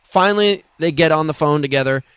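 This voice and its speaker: Male podcast guest, lively casual storyteller, slightly high voice, dry close sound. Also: a little fast, smooth, dry recording. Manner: animated storyteller, swears freely. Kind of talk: casual chat.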